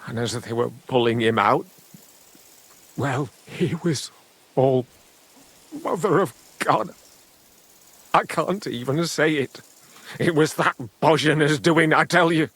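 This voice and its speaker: An actor voicing a middle-aged village father in a medieval game, slow and brooding, grieving and bitter with angry bursts. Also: fairly high pitch, fairly bright tone, husky, exaggerated voice. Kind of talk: voiced game dialogue.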